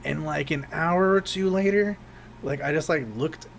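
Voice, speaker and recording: A man's voice: fairly high pitch, normal speed, gravelly, slight background noise. Rambling young man telling stories. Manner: rambling, profane, laughs often. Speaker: podcast co-host. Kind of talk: casual chat, storytelling.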